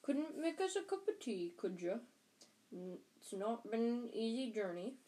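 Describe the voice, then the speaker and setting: A woman's voice: a little high, sing-song, a little slow, warm tone, poor audio. Hagrid, a woman reading as a hearty giant. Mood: gruff friendly. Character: huge gruff kindly giant man. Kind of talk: audiobook character voice.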